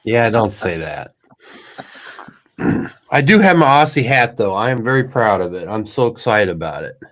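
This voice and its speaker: A man's voice: lowish voice, big pitch swings, moderate pace, a bit bright. A man from Northern Illinois with a Midwestern American accent, a guest on a casual chat, talking in a sheepish, self-deprecating way. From Northern Illinois, USA.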